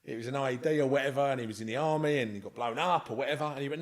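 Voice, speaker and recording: A man's voice: medium pitch, very fast, hardly any pauses. A man with a London accent, a podcast guest telling a rambling, earnest story in casual chat. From Scotland. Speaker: interview guest.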